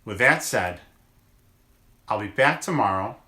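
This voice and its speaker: A man who works as a chiropractor gives a motivational daily video message, talking slowly and deliberately in gentle encouragement and drawing out words for emphasis. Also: on the low side, lively intonation, roomy sound.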